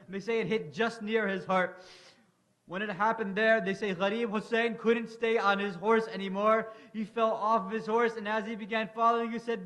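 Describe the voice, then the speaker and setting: A man's voice: high-pitched, steady tone, moderate pace, a bit bright. A man reciting a mournful religious lament, impassioned, rising into anguished cries.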